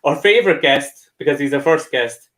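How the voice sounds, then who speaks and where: Man, podcast host, relaxed, laughs easily, raised pitch, roomy echo. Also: normal speed. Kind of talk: casual interview chat. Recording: echoey room.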